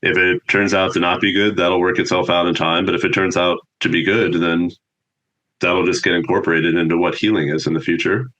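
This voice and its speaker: A deep-voiced man talks through ideas as a guest on a podcast. His low tone carries a bright, forceful edge. He explains in a thoughtful, earnest way. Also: fairly even intonation, brisk, rough recording. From United States. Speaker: theologian guest. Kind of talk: reflective podcast conversation.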